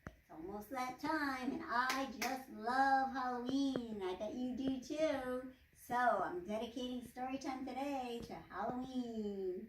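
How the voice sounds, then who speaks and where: Slow, playful woman librarian, echoey room. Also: high voice, distant mic, background noise. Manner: playful, chanting rhymes. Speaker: children's librarian. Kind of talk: children's storytime reading.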